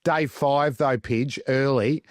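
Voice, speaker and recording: A middle-aged Australian man, a former fast bowler, telling cricket stories on a podcast and acting out the quotes with laughs. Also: medium pitch, dry recording, clean studio sound. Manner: animated storyteller, acts out quotes in other voices, laughs often. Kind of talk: casual anecdote-telling chat.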